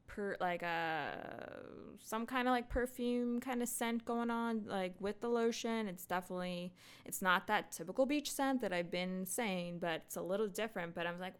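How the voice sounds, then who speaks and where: Slow, smooth-voiced woman chatting. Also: medium pitch. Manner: rambling, animated, many fillers and laughs. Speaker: podcast host. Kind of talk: casual solo chat. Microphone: podcast microphone.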